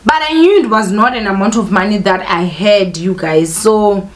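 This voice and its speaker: A woman's voice: mid-range voice, normal speed. Young woman doing a storytime vlog, emotional and candid, keeps talking to "you guys". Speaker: vlogger telling a personal story. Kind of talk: casual storytime monologue.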